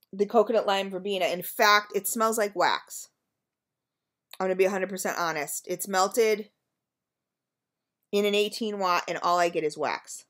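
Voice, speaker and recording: A woman's voice: medium pitch, a bit bright. Chatty woman gushing over wax melts. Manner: chatty and gushing, addresses viewers as you guys, frequent ums. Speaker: wax melt reviewer. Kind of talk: casual product review vlog.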